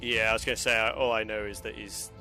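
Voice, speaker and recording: A man's voice: on the low side, little pitch movement, fast, sharp tone, soft background music. A man doing casual live commentary on a strategy game match, rambling loosely and laughing often. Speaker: esports commentator.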